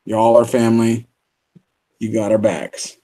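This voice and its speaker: This co-host of a livestream show speaks in a fairly low, monotone, dark voice at an unhurried pace, on a rough recording. He's laid-back and joking, laughing often while yawning sleepily after little rest.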